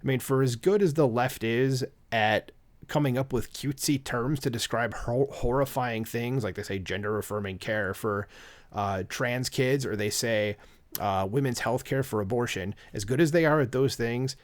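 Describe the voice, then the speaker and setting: A man's voice: mid-range voice, normal speed. A man hosting an opinion commentary vlog, talking in an indignant, sarcastic and rambling way, full of fillers, into a microphone at a home desk. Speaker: channel host.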